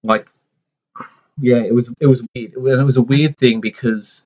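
Man, 40s, middle pitch, casual rambling storytelling, dull lo-fi recording. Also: fairly even intonation, moderate pace, a little mellow. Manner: rambling, with many restarts and asides. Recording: dull lo-fi sound.

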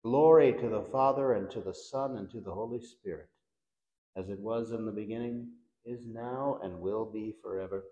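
A man reciting the Divine Office in a solemn, measured liturgical manner, letting each response fall away at its end. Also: lowish voice, fairly even intonation, dark tone, lo-fi sound. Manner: measured, reverent, with falling endings on responses. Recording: echoey room.

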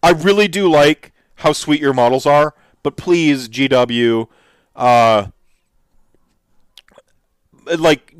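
Male host, casual commentary; smooth, resonant, dry; eager and rambling. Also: fairly high pitch, slow, dry recording. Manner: enthusiastic, rambling with restarts and fillers. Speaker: host reacting to miniature reveals.

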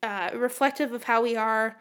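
A young woman co-hosting a podcast in casual chat, animated and swearing freely, often trailing off and restarting. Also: a little high, normal speed. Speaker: podcast co-host.

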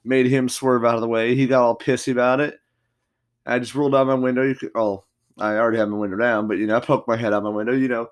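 A man's voice: medium pitch, level tone, fast. A man hosting a solo podcast, telling stories in a rambling, profanity-filled, combative rant. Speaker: podcast host.

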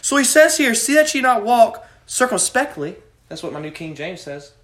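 Youth Bible study teacher, man, high-pitched, preachy, questions the group, echoey room. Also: sing-song, moderate pace, a bit bright. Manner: preachy, asks the group questions, calls on students by name.

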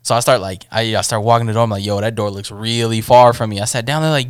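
A man's voice: mid-range voice, fairly even intonation, fast talker, clear, resonant tone, no echo, clean studio sound. Man telling a story in a casual, profane way. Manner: loose, profane storytelling with acted-out quotes. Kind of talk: casual chat among friends.

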